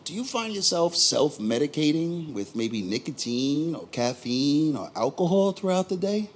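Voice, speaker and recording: A man voicing a calm, soft-spoken male therapist who asks slow, measured questions. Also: fairly high pitch, a little hiss or hum.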